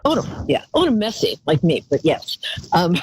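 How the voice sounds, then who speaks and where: Husky, lively psychic host woman. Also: fairly low pitch, a little fast, rough recording. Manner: chatty, rambling, calls callers darling. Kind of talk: live call-in psychic reading.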